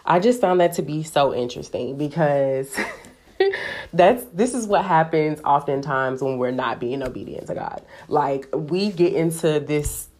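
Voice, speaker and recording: A woman with a low voice teaching from the Bible in a relaxed, conversational way. She talks animatedly, sprinkling her speech with "like". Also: measured pace. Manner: chatty, animated, heavy use of "like". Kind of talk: casual devotional teaching.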